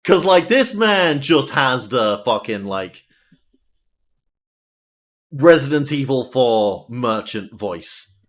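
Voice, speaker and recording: Rambling deadpan male game streamer. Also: medium pitch, slow pace, pauses often. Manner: rambling, profane, deadpan asides. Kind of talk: casual live commentary.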